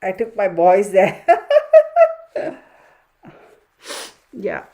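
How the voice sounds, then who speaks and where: A woman's voice: mid-range voice, a little slow, a little mellow. Woman, casual livestream chat, tarot reader, talks to viewers, mutters numbers under her breath.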